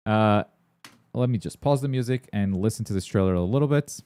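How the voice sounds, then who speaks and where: A man hosting a gaming and anime news stream in casual chat. He rambles excitably, with plenty of filler words and blunt swearing. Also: on the low side, a little fast, smooth, dry recording.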